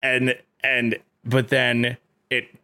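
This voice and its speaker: A man in casual chat, rambling excitedly and leaning on filler words as he talks. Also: mid-range voice, drawn-out words, no echo.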